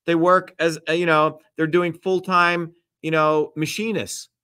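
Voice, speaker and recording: A man's voice: a little high, level tone, a little slow, pushed and bright, clean tone. A man hosting a livestream Q&A, talking bluntly and emphatically, lecturing and swearing freely. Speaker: host. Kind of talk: livestream Q&A talk.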